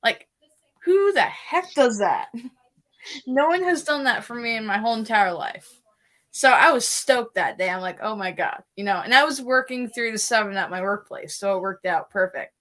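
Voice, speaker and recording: American woman co-hosting a live stream, kinda high voice, animated and laughs a lot. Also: moderate pace. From United States. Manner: chatty, animated storyteller who laughs easily. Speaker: co-host. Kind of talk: casual conversation on a live stream.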